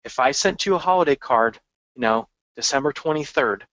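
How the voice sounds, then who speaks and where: A man hosts a marketing podcast as a marketing coach, delivering a casual business monologue with lots of energy, frequent restarts and side comments. His medium-pitched voice is expressive and fairly bright, he talks a little fast, and the audio quality is poor.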